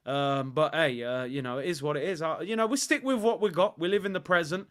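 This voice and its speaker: A man with a fairly high voice riffs as a football channel host in loose fan commentary. He is sarcastic and jokey, and he rambles through plenty of "uh"s and "you know"s. His voice comes through smooth and clear. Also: brisk, a bit bright. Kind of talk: casual fan commentary on a livestream.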